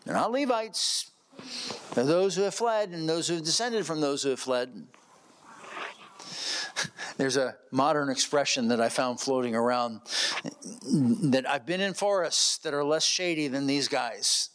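A man's voice: a little high, unhurried, long pauses, fairly bright tone. A man preaching an expository sermon, reading verses and posing rhetorical questions to the congregation. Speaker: pastor.

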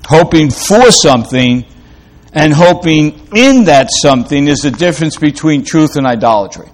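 A man's voice: fairly high pitch, expressive, normal speed. A man preaching a sermon in an emphatic way, repeating phrases for effect and asking rhetorical questions.

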